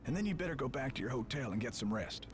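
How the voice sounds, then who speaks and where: A man's voice: mid-range voice, animated, fast, over music, natural voice. An actor playing a stern but caring older theater caretaker in a video game, urging and fatherly.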